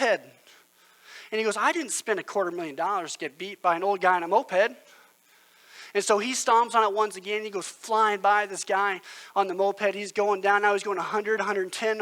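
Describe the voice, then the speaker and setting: A man's voice: sits high, sharp tone, low-quality recording. A male pastor, preaching a sermon in an earnest, conversational storytelling manner.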